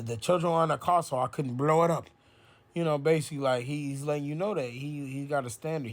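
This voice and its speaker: A man giving an informal bible lesson, reading verses slowly and aloud, then explaining them in loose, casual speech full of "right?" and "man.". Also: a little high. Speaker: bible teacher.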